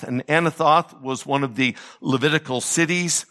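A man's voice: on the high side, moderate pace, few pauses, sharp tone. Emphatic male Bible teacher. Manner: emphatic, rhetorical questions, paraphrases verses.

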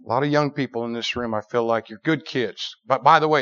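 A man preaching to young people, telling a story in an animated way and acting out the quoted lines with sudden high shouts. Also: brisk, hardly any pauses. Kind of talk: sermon. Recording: dull lo-fi recording.

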